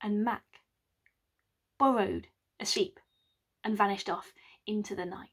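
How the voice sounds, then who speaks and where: A woman scholar telling a medieval play aloud as a winter tale, with lively, wry asides to the listener. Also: mid-range voice, unhurried, slightly rough. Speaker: storyteller, medieval drama scholar. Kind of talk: oral storytelling of a medieval play.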